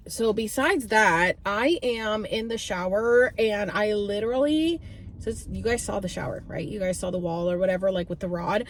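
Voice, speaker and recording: A young woman vlogs to camera about her own experience in loose, chatty talk. Her speech is packed with "like" and restarts, and she breaks into high squeals and cries as she acts out her own past voice. Her pitch sits in the middle of the female range. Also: normal speed, slight background noise. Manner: heavy use of "like" and filler restarts. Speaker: vlogger and spiritual reader. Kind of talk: casual storytelling to camera.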